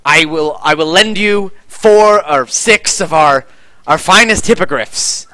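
A man's voice: on the high side, slow, sharp tone, dry recording, voice pushed up. A man voicing a proud male knight commander who speaks formally to his guests. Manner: formal and courtly.

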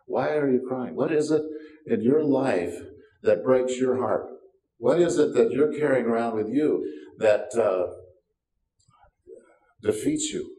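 A man's voice: medium pitch, mellow. An older man preaching a sermon as pastor, folksy and self-deprecating, with wry asides. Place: church sanctuary. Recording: roomy sound from a distance.

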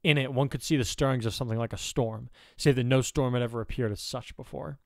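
A man's voice: mid-range voice, steady tone, fast, gravelly, no echo, clean studio sound. Man narrating a fan fiction audiobook.

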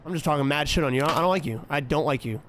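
A man's voice: a little high, rapid-fire, slight background noise. Young man swearing through a horror game. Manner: profane, trash-talking, jumps to frantic yelling when scared. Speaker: streamer. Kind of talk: horror game let's-play commentary.

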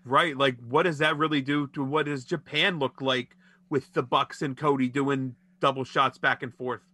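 A man's voice: mid-range voice, steady tone, moderate pace, pushed and bright, no echo. A man co-hosting a casual podcast, musing aloud and piling up follow-up questions. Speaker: podcast co-host.

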